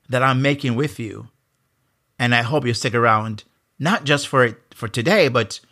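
A podcast host with a Jamaican accent and a medium-pitched, slightly bright voice leads a motivational leadership podcast. He is earnest and emphatic and often asks rhetorical questions.

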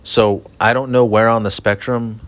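Flat-voiced, profane man ranting. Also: on the low side, normal speed. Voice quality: monotone, flat delivery. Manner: profane, rambling, self-aware. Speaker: podcast host. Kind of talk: casual solo podcast rant. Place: outdoors at night near an apartment complex. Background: sprinklers.

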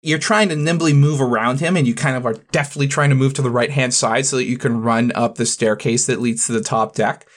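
A man running a tabletop role-playing game, narrating scenes in a relaxed, descriptive way. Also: medium pitch, fairly quick, few pauses. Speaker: game master.

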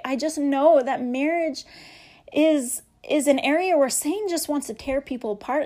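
A woman's voice: high voice, darkish tone. A woman giving a heartfelt devotional talk, reading scripture and speaking earnestly about forgiveness. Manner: earnest, heartfelt, dwelling on key words.

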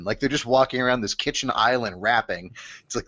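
A man's voice: mid-range voice, fairly quick, bright, forceful tone, highs cut off, slight background noise. Profane, rambling male co-host. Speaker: podcast co-host. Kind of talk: casual podcast chat.

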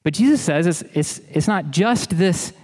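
A pastor delivers an earnest, emphatic sermon, leaning on repetition to drive his points home. His voice sits a little high for a man. The sound carries the long reverb of a large hall. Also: lively intonation, moderate pace, darkish tone.

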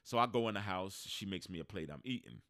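Talking fast in a low voice, this man co-hosts a podcast and spins a long, casual story, doing voices for the people he quotes. The sound is clean studio audio with no room sound.

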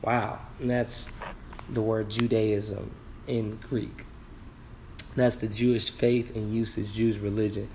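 Casting note: unhurried man, mid-pitched voice, faint background hiss, musing teacher type. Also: flat delivery, darkish tone. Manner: slow, exclaims wow, sounds out words. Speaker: Bible word-study teacher. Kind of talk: casual Bible word study.

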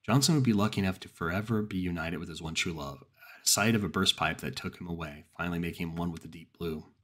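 A man narrating a horror story in the first person, slow and grave. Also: deep voice, a bit bright.

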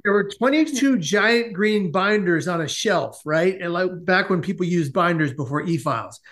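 Animated man telling a story. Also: high voice. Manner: lively, comic, quick asides. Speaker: guest. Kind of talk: animated storytelling in a podcast interview.

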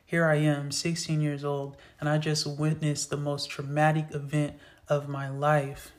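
A man's voice: on the high side, completely flat delivery, a little slow. Man reading his own story aloud. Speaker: author reading his book. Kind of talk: storytelling narration.

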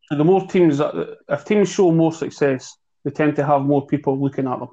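A man co-hosting a football chat show, speaking in a measured way and thinking aloud with fillers. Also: a little high, mellow, lo-fi sound. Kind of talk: casual podcast chat.

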